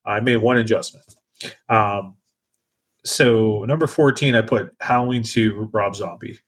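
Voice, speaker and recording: Male podcast host, low voice, casual and chatty, stumbles and restarts. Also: fairly even intonation, a little slow, breathy edge.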